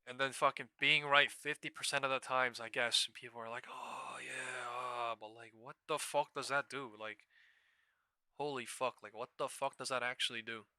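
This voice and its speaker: A man hosting a live trading stream, ranting fast and emphatically with heavy profanity. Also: medium pitch, steady tone, pushed and bright, clean tone, no echo.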